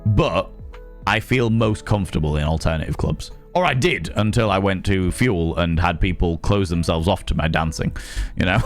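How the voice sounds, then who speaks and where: A man with a West Country accent chatting casually on a live stream, reacting to chat with quick, sweary asides. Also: deep voice, soft background music. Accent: West Country English.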